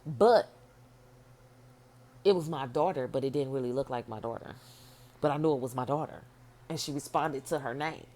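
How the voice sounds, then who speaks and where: A middle-aged woman telling a dream story in a blunt, profane, animated way. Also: extremely low pitch, moderate pace, pauses often. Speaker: vlogger telling her dream. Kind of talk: casual storytelling.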